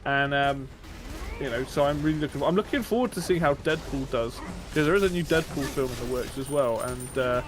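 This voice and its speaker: Male streamer, casual chat, enthusiastic rambler, mid pitch. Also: a little fast, music in the background. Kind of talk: casual chat while gaming.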